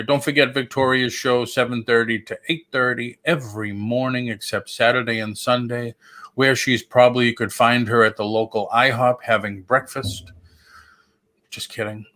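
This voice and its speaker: A man's voice: mid-range voice, level tone, normal speed, bright, forceful tone. A man hosting a casual livestream chat, joking and rambling with lots of restarts. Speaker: host.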